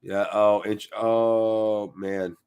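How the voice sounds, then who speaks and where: A man hosting a live football watchalong from a cold room attached to his house, commentating with excited, jokey chatter and replying to viewers. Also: on the low side, extremely slow, clear, resonant tone.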